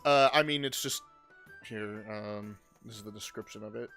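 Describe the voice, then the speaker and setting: Low gravelly dude at a d&d table, kinda hesitant, little bit of music in the back. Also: male voice, moderate pace, sharp tone. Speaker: player. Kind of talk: casual tabletop game play.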